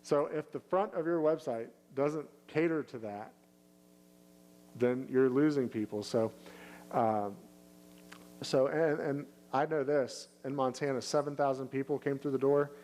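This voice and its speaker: A man in the middle of the usual male pitch range, talking as a pastor at a Q&A. He stumbles and restarts often, then brightens into a lifted, upbeat tone when he acts out what people might say. A faint hum sits under the recording. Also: poor audio. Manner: halting, many restarts and fillers. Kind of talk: casual Q&A answer.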